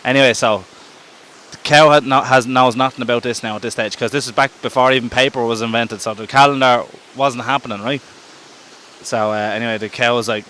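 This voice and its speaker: An Irish podcast host telling a story casually while walking outdoors in the woods, filming himself and often correcting himself. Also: male voice, medium pitch, fairly even intonation, a little fast, bright, forceful tone, a little hiss or hum. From Ireland. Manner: chatty, rambling, self-correcting. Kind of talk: casual storytelling on a woodland walk. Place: outdoor woodland walk. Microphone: self-held camera while walking.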